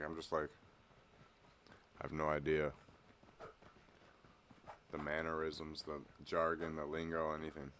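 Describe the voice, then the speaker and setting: A man's voice: rumbling low, a little hiss or hum. A man streaming from home, chatting casually while he games, rambling, swearing, and laughing often. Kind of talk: casual chat while gaming.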